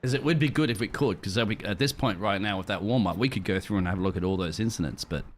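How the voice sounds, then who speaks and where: A male co-commentator with a fairly low voice on a sim racing stream. He chats loosely and jokes with his partner. A faint hiss runs behind his voice. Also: quick pace. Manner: chatty, joking banter.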